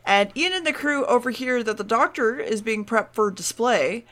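A woman's voice: a little high, lively intonation, normal speed, a bit bright. A woman co-hosting a podcast, chatting casually as she recaps an episode, laughing and swearing now and then. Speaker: podcast co-host.

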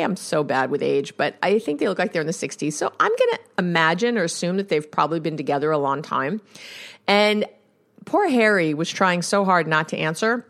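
A woman hosting a podcast as a counselor, talking casually and telling stories with conversational asides. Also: fairly low pitch. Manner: chatty storytelling, conversational asides.

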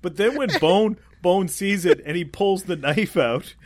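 A man's voice: high voice, measured pace, dry recording. A man in casual chat about a film, laughing and chiming in with agreement. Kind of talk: casual movie recap chat.

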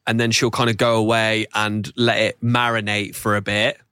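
A man's voice: lowish voice, level tone, moderate pace, bright, forceful tone, clear, resonant tone, no room sound. A man co-hosting a casual chat podcast, laughing often and swearing casually. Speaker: podcast co-host.

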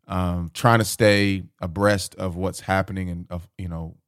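Low-voiced, easygoing male podcast host. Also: a little slow, dry recording, clean studio sound. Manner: relaxed, easygoing, addresses listeners as y'all. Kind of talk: casual podcast chat.

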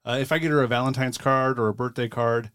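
A man co-hosting a podcast in casual chat, chatty and quick to laugh. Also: medium pitch, steady tone, fairly bright tone, smooth, no echo, clean studio sound. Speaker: podcast co-host.

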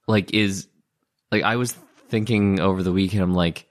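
A man playing a tabletop game, rambling through theories out loud in casual chat. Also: low voice, fairly even intonation, moderate pace. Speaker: player.

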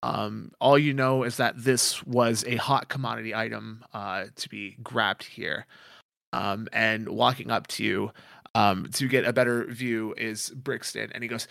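A man game master narrating a tabletop role-playing game in a casual way, pausing often to search for words. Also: on the low side, fairly even intonation, gravelly, fairly bright tone, no room sound, clean studio sound.

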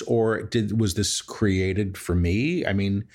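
A man's voice: lowish voice, slow pace, hardly any pauses. A man speaking as a guest in a casual conversation at home, reflective and rambling, with frequent restarts. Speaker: guest, spiritual medium. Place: apartment.

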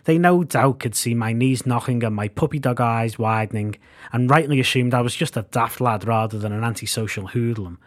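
A man's voice: mid-range voice, a little fast. A man, reading his own band memoir in a wry, self-mocking way. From Liverpool, England. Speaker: podcast host and narrator. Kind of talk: scripted memoir narration.

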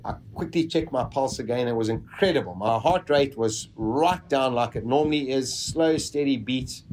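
A man vividly recounting a personal survival story, with dramatic pauses. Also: mid-range voice, a little mellow, a little hiss or hum.

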